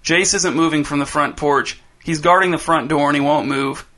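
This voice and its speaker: A man's voice: on the high side, steady tone, normal speed, sharp tone. A man voicing a determined boy who talks plainly and steadily, reassuring his brother. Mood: steady.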